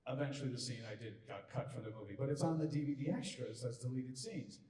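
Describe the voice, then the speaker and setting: A man guest at a convention panel, telling animated anecdotes and acting out other people's lines as he goes. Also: medium pitch, fast. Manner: animated, acts out quotes in other voices, laughs often. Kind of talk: anecdotal Q&A storytelling. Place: large convention hall. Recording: roomy hall from far off.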